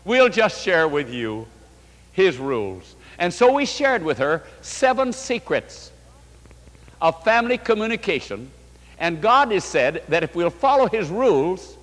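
A pastor delivers a sermon with a fairly high, animated voice that rises and falls as he tells a story and acts out its dialogue. He quotes scripture along the way. The sound rings with a long hall reverb.

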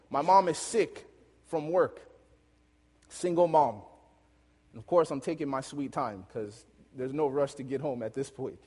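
A male preacher tells a story from the pulpit with lively energy, breaking into laughter along the way. His voice sits a bit higher than most men's, and it rings out into a long, echoing hall. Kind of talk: storytelling sermon.

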